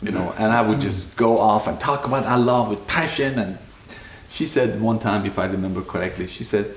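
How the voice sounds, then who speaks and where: A man's voice: on the low side, a little fast, slight background noise. A man from Iran, earnestly sharing his personal faith story in a home kitchen. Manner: earnest, passionate, slightly broken English. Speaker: guest sharing testimony. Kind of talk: personal testimony, casual storytelling. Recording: echoey room.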